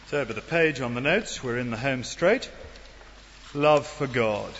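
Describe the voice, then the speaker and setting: A man's voice: medium pitch, unhurried, a bit bright, slight background noise. A middle-aged man preaching a sermon in an earnest way, with wry asides and rhetorical questions. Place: church. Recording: dull sound in a long-reverb hall.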